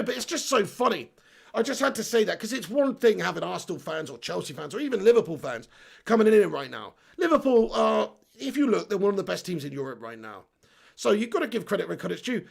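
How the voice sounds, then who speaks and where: Brief: high-pitched, gravelly man, live-stream host, animated and ranting. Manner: animated, ranting, laughs often. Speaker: host of a football fan channel. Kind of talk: live-stream chat, reading viewer comments.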